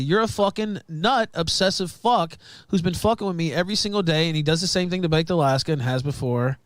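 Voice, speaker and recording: A man's voice: sits high, fast, no echo. A man streamer complaining in an aggrieved, rambling and profane way.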